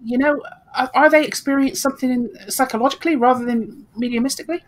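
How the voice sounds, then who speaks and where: A woman's voice: high-pitched, quick pace. A woman hosting a podcast interview, asking questions with some hesitation and fillers. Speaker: podcast host.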